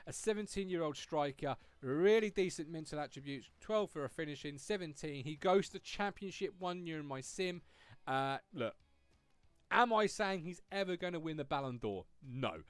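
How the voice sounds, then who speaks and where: A man's voice: on the high side, smooth, no echo. A man hosting a video game guide in a chatty, upbeat, conversational way. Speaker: host.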